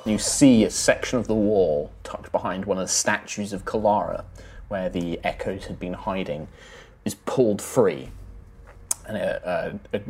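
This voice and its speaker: A man's voice: deep voice, a little hiss or hum. A man acting as game master, narrating a tabletop game with frequent ums and restarts. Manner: hesitant, filler-heavy narration.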